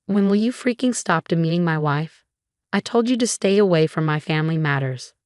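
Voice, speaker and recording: Woman reading angry grown son, defends his wife, flat even delivery, lowish voice. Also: fairly quick, clear, resonant tone, no room sound, studio quality, natural voice.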